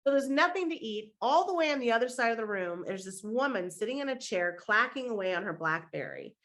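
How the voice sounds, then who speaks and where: A woman's voice: fairly high pitch, lively intonation, fairly quick, fairly bright tone. A middle-aged woman, a mindset coach on a podcast, telling a story with animation and acting out the other people's lines.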